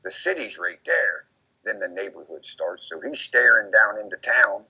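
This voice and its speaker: Gravelly low-voiced man, lo-fi. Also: moderate pace. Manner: rambling, repeats himself, quotes others in lively voices. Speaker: interview guest recounting memories. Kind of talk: casual recorded conversation. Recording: dull lo-fi recording.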